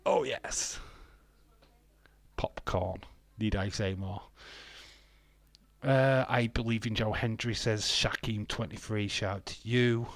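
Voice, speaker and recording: A man's voice: lowish voice, fairly even intonation, takes it slowly, no room sound. A British man from the UK chatting casually over a live wrestling stream, laughing and joking with viewers. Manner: chatty, laughs often, sings and jokes to himself. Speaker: wrestling watch-along streamer.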